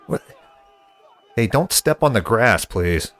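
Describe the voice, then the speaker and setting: Male comedy podcast host, exasperated and casual, fairly low voice. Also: expressive, slow pace, a bit bright, some chatter behind. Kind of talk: comedy sketch.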